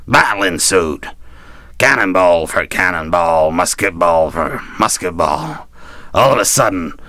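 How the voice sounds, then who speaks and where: A man's voice: deep voice, bright, forceful tone, no echo, pitched below the performer's own voice, exaggerated voice. A man voicing a boastful old male pirate captain who growls his words with "arr" and "me".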